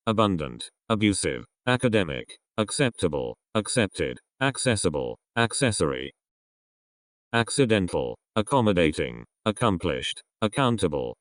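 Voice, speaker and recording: A man reading a vocabulary list aloud, one word at a time with pauses between them. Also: deep voice, no echo, clean studio sound. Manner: reads single words one by one with pauses. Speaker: vocabulary reader.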